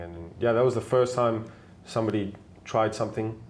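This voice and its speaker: Speaking with a fairly low pitch at a moderate pace, this young South African man, who makes travel videos, tells stories casually as an interview guest. He animates them by doing the characters' voices, and a little hiss or hum sits under the audio.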